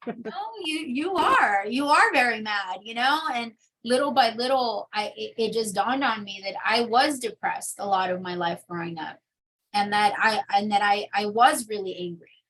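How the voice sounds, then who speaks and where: A woman's voice: mid-range voice, moderate pace, a bit bright, poor audio. Woman telling her testimony, chatty. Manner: candid storytelling with many fillers. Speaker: interview guest. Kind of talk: personal testimony.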